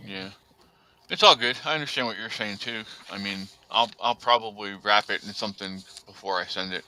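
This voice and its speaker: A man's voice: on the low side, fairly quick, bright, forceful tone, clean tone, low-quality recording. A man hosting a casual podcast chat, rambling with lots of fillers and speaking bluntly. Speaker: podcast host.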